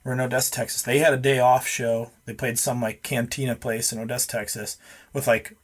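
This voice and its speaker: A man's voice: mid-range voice, level tone, brisk. Swearing man telling a rambling story. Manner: rambling, heavy swearing, acts out dialogue. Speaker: podcast guest. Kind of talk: casual storytelling.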